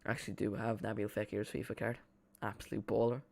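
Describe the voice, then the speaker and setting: A young Irish man with a fairly low, creaky voice talks quickly and flatly while streaming a football watchalong from home. His casual live commentary rambles, with frequent restarts.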